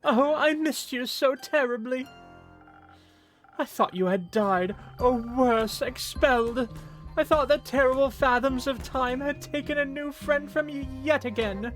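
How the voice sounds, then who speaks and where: A streamer voicing an excitable, doting undead friend who talks theatrically, with faint music behind. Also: sits high, a little slow, voice pushed up. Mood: gushing. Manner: gushing, theatrical.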